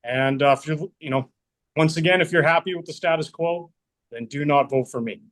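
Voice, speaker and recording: A man who is an election candidate, giving a forceful, plain-spoken closing statement over a video call. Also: fairly high pitch, brisk.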